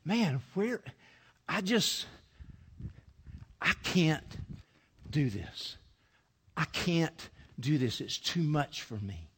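A man voicing Mary, an overwhelmed and unsure young woman, speaking in a hushed, halting way. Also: high-pitched, slightly rough, full character voice.

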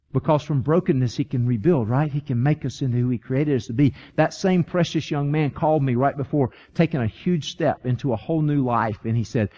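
An earnest man preaches a sermon, pressing hard on his points and then easing into quiet, tender stretches. His voice sits a little high for a man. The recording is dull and lo-fi. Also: animated, fairly quick. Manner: earnest, emphatic, voicing God and David in quotes, often trailing soft. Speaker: pastor. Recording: dull lo-fi sound.

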